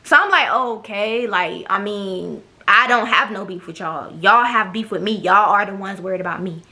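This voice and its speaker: Sassy young woman vlogger, bright forceful voice, cussing through a storytime. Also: medium pitch, moderate pace. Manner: blunt, profane, sassy, mimics others. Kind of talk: casual storytime monologue.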